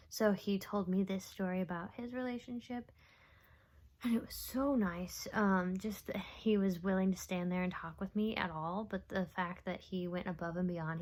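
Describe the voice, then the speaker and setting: A young woman talking straight to camera in a casual confessional vlog. She rambles and overshares, filling gaps with ums and little laughs, and now and then drops to a whisper. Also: mid-range voice. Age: young adult. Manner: rambling, oversharing, with frequent fillers and soft laughs. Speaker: vlogger.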